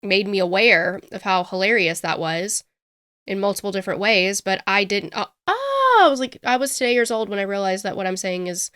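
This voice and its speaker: A woman co-hosting a casual true-crime podcast, talking in an animated, self-mocking way and laughing at herself. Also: mid-range voice, a little fast, smooth, no room sound, studio quality. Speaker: podcast co-host.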